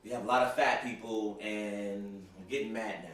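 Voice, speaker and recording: This young host's voice is on the low side, steady in tone and fairly bright, at a moderate pace. He rambles through a funny rant to camera, stumbling and repeating lines with a constant stream of "you know"s, recorded far from the mic in a very echoey room.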